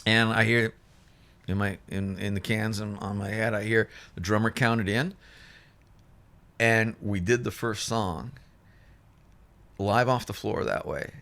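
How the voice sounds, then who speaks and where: A man with a low voice tells stories from the studio in a loose, rambling way. He circles back, restarts and fills pauses. Now and then he slips into the voices of other people. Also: fairly even intonation, a bit bright. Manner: rambling, with many restarts and fillers; acts out other people's lines in shifted voices. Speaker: musician guest. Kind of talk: casual storytelling.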